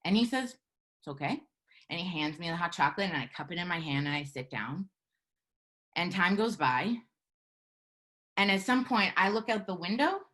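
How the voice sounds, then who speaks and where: Earnest low-voiced woman. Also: fairly bright tone. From Canada. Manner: earnest, measured, with halting pauses and fillers. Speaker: storyteller. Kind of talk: live personal storytelling.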